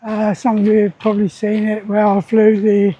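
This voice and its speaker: A man's voice: high voice, completely flat delivery, normal speed, dark tone, breathy edge, dull audio. A man talking casually to camera in a rambling, opinionated way, with lots of fillers. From England. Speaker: vlogger.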